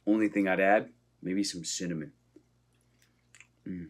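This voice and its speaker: A man's voice: low-pitched, steady tone, measured pace, long pauses, slight background noise. A man vlogging in a casual, upbeat way, talking straight to his viewers. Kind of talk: casual vlog chat.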